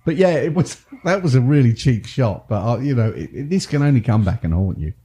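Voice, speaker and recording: A man's voice: medium pitch, animated, fairly quick, dark tone. A man with an English accent co-hosting a podcast, talking casually, teasing his co-host and laughing often. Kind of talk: casual chat.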